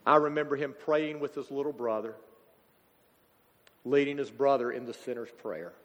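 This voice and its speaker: A man, preaching a sermon as a pastor, halting and emotional as a grieving father. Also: medium pitch, fairly bright tone, dull audio. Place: church sanctuary. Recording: church hall reverb.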